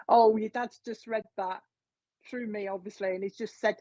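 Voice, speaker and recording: A woman's voice: medium pitch, steady tone, moderate pace, a little mellow, dry recording. Chatty woman giving readings. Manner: chatty, repeats messages from spirit. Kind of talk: live mediumship reading, casual chat. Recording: dull, dry lo-fi sound.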